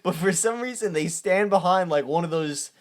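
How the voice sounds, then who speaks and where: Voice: medium pitch, moderate pace. A podcast co-host chatting casually about a movie, with crude jokes and plenty of swearing. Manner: crude, joking commentary with lots of profanity. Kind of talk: casual movie-recap chat.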